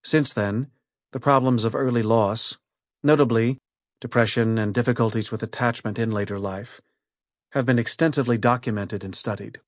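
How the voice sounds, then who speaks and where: Male narrator, middle pitch, steady and clear for nonfiction; dry booth, close mic. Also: no echo. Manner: measured, clear reading of lists and points. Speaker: audiobook narrator.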